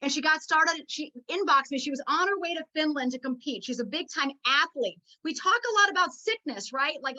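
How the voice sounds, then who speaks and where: A woman's voice: sits high, sharp tone, low-quality recording. A middle-aged woman giving an emotional, preachy motivational talk at a network marketing meeting. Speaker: network marketing team leader.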